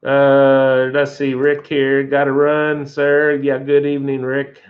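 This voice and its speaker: A man's voice: medium pitch, monotone, slow, phone-quality sound. Rambling folksy man on a live stream. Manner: rambling, chuckles often, folksy. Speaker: outdoor channel host. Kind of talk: casual live-stream chat.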